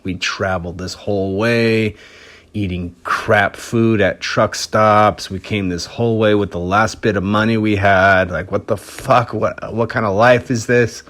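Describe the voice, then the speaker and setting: A man voicing a mother, blunt and exasperated, in a lowered version of his own voice. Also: fairly even intonation, a little slow, fairly bright tone. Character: upset, blunt mother traveling with kids.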